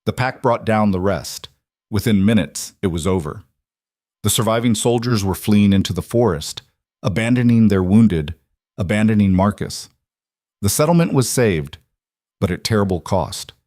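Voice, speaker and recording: A man narrating a dramatic fantasy story in a steady, scripted storytelling read. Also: on the low side, normal speed, dry recording, clean studio sound.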